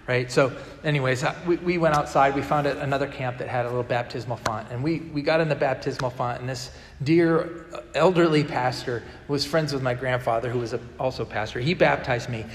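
A male pastor gives a sermon in a medium-pitched, brisk voice, recorded in a big room with a little hiss or hum. His delivery is conversational storytelling, and he vividly acts out the dialogue of the people he quotes.

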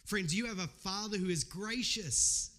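A man's voice: sits high, unhurried, bright, forceful tone. A middle-aged man preaching a sermon as a pastor, earnest and conversational, weaving in personal stories.

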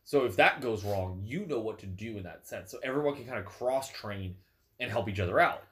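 A man's voice: lowish voice, lively intonation, fairly quick, a bit bright. A young man co-hosting a podcast, explaining in a rambling, casual way with lots of fillers, a bit stuffy from a cold. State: stuffy, sneezing. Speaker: podcast co-host. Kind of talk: casual chat.

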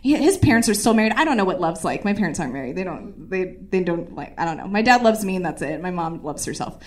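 A woman's voice: fairly low pitch, very animated, fast talker. A young woman stand-up comedian telling a story in a rambling, profane, self-deprecating way, with lots of fillers. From Puerto Rican heritage.

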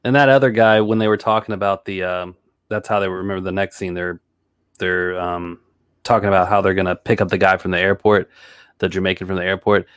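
A man's voice: low voice, little pitch movement, brisk, fairly bright tone, clean tone, no room sound, studio quality. A laid-back man co-hosting a podcast in casual chat, agreeing and chuckling along. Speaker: podcast co-host.

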